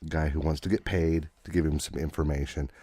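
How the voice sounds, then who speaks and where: Male podcast host, very deep and warm, rambling chatty recap, dry. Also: level tone, fairly quick, slightly rough, no room sound. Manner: rambling, with many fillers and restarts. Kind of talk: casual chat recapping comics.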